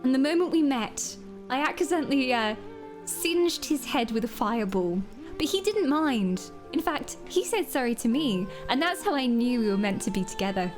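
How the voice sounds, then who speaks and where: A woman's voice: a little high, animated, normal speed, music in the background. A woman streaming a game, chatting in a playful, flirty, self-mocking way. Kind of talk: casual live-stream commentary.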